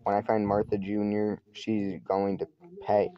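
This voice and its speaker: A man's voice: on the low side, level tone, unhurried, lo-fi sound, natural voice. A man reading the lines of an angry, blunt teenage bully who threatens a classmate. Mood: menacing.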